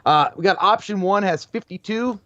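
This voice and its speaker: A man's voice: high-pitched, normal speed, fairly bright tone. A man co-hosting a livestreamed movie podcast, rambling and stammering in casual chat, laughing at his own jokes. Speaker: podcast co-host. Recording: dry, dull lo-fi mic.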